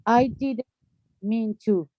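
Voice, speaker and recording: Woman student trying english words, slow and unsure, dry close sound. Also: fairly high pitch, no echo, highs cut off. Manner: hesitant, unsure answers. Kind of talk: practicing pronunciation in class.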